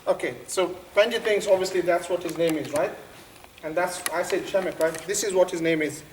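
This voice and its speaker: Quick, high-voiced man teaching a class. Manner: questioning, code-switching into Punjabi. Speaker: camp teacher. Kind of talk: interactive religious class. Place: room at a youth camp. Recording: echoey room from a distance, faint noise.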